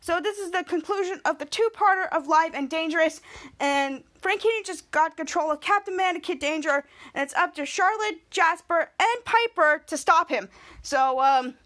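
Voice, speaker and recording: A young woman hosting a podcast, eagerly recapping a TV episode and acting out the characters' lines. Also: normal speed. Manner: energetic, acts out quoted lines with rising pitch. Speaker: podcast host.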